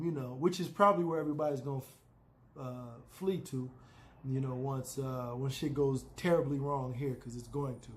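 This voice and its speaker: A man casually recapping a TV episode, loose and opinionated, peppering his talk with "you know" and "man". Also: medium pitch.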